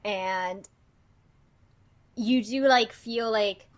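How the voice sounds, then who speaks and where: A woman's voice: on the high side, very slow. A woman narrating a tabletop game as game master, in a loose way full of fillers.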